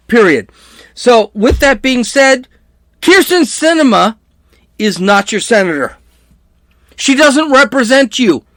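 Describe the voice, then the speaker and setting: A male podcast host in full rant, angry and biting. His pitch leaps up and down as he gets worked up, sometimes to a shout. The sound is close and dry, with no room around it. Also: dry recording. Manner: angry, sarcastic, shouts at times. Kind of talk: ranting political commentary.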